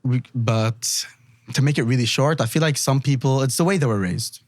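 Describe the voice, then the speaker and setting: A man's voice: mid-range voice, moderate pace, dry recording. Man, magician guest, casual podcast chat, laughs a lot, acts out quotes, dry studio sound. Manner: animated storyteller, acts out quotes, laughs often.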